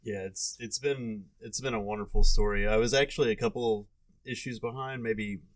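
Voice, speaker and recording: Male podcast guest, low pitch, easygoing and halting, dry close mic. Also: fairly even intonation, dry recording. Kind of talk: casual chat.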